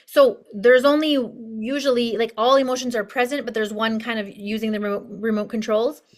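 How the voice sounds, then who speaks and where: A woman's voice: fairly high pitch, steady tone, a little fast. Bubbly woman coach, chatty. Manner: bubbly, chatty, many asides. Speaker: life coach. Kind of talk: casual online course lesson.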